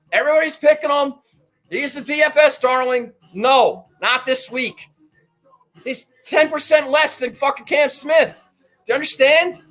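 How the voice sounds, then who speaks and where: A man's voice: extremely high pitch, rough recording. Profane, fired-up man ranting. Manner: swings from quiet muttering to shouting. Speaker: golf betting podcast host. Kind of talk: fired-up monologue.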